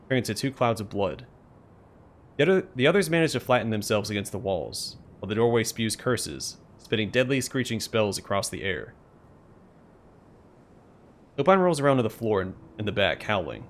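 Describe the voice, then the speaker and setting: Casting: a let's play host with a low voice and a lively, expressive storytelling read. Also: male voice, a little hiss or hum. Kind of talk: reading game story text aloud.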